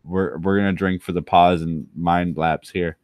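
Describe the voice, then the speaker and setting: A man's voice: deep voice, steady tone, moderate pace, darkish tone, no echo. A tipsy man hosting his own channel, rambling through crude, self-mocking commentary as he drinks. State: tipsy from rum. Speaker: channel host.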